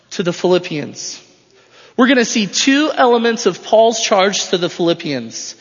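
A high-pitched male pastor delivers an emphatic sermon and drives his points home through repetition. His voice rings out with a long hall reverb, and the recording sounds dull and lo-fi. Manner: emphatic, repeats phrases for stress. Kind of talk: expository sermon.

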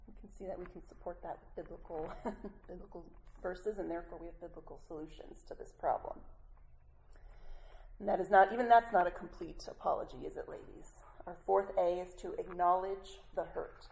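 A woman teaching a women's Bible study, chatty and warm with the group, laughing between points and often correcting herself mid-sentence. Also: medium pitch, moderate pace, gravelly, a little hiss or hum, poor audio.

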